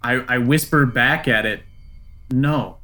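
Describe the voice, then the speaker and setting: A woman at a tabletop game with a very low voice that swings widely in pitch. She talks slowly and casually, joking with the table. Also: lively intonation. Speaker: player.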